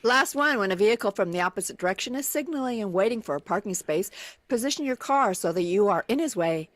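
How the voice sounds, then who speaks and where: A female morning-show co-host reading jokes with dry amusement. Her voice is mid-pitched and very animated, recorded close and dry in the studio. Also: quick pace, no echo. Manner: wry, amused, reads jokes aloud with a chuckle. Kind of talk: casual radio banter. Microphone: studio microphone.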